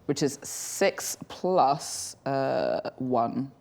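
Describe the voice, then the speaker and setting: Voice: medium pitch, extremely slow, vocal fry, darkish tone. An English player in a tabletop game, giggly and full of enthusiastic interjections.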